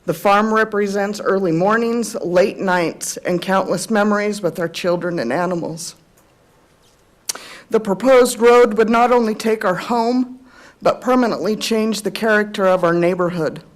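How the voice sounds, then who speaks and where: A woman reading a prepared statement as a resident at a public meeting, emotional but steady. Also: medium pitch, unhurried. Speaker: resident giving public comment.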